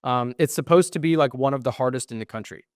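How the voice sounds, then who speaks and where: A young man co-hosts a podcast and tells a long, rambling personal story. He swears freely and acts out both sides of the conversation. His voice sits at an average pitch, and the recording is dry and close. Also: fast, no room sound. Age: young adult. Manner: animated, profane, acts out quoted exchanges. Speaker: podcast co-host. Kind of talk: casual storytelling.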